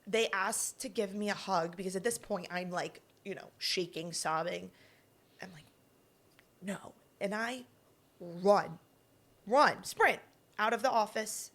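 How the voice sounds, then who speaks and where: A woman's voice: medium pitch, unhurried, pauses often. A young woman co-hosting a podcast, telling a personal story casually and acting out the voices she quotes. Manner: animated, acts out quoted lines. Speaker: podcast co-host.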